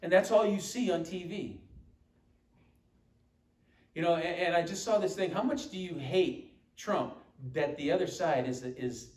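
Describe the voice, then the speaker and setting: A man's voice: on the high side, measured pace, pauses often, a little mellow. A man preaching a sermon as pastor, emphatic and quoting scripture. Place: church sanctuary. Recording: echoey church room from far off.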